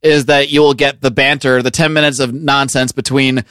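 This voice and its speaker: A man's voice: medium pitch, steady tone, normal speed, fairly bright tone, clear, resonant tone, no echo, studio quality. A man hosting a casual, joking podcast segment, rambling and laughing as he goes. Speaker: podcast host. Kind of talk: casual comedic podcast banter.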